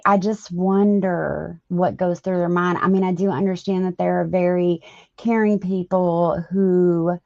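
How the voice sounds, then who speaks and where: Slow, gravelly woman chatting on a stream. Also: on the low side, a little mellow, dull audio. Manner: hesitant, many ums and restarts, talks to chat. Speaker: livestream host. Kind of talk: casual live-stream chat with viewers.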